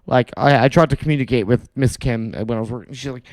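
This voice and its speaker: A man's voice: medium pitch, fairly even intonation, quick pace, a little mellow. A man co-hosting a podcast, telling profane stories in casual chat and mimicking other people's voices. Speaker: podcast co-host.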